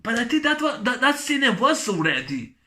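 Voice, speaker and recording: Profane, rambling, high-voiced man ranting. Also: big pitch swings, moderate pace, pushed and bright. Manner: rambling, profane, many fillers and restarts. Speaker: movie reviewer. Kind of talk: profane movie rant.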